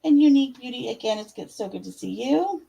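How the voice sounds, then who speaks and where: Giving casual tarot readings on a live stream, a young woman chats with plenty of fillers and calls viewers "love" and "my dear." Her slightly high voice is expressive and a bit fast, with a creaky, husky, dark tone on a low-quality recording.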